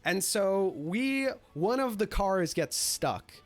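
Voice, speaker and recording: A man casually telling a story, animated and profane, filling his talk with "like". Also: high-pitched, slow. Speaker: streamer.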